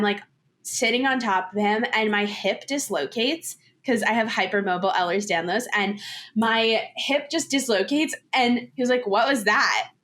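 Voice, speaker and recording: A woman's voice: mid-range voice, fairly bright tone. A woman in her twenties, a podcast guest talking candidly and casually, with lots of filler words. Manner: chatty, candid, heavy use of "like".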